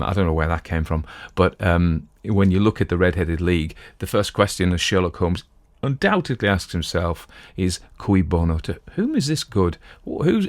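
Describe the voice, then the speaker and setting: A man's voice: low voice, no room sound. A middle-aged man hosting a podcast, chatting casually and digressively about a classic detective story from his home. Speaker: podcast host. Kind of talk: casual talk on classic literature.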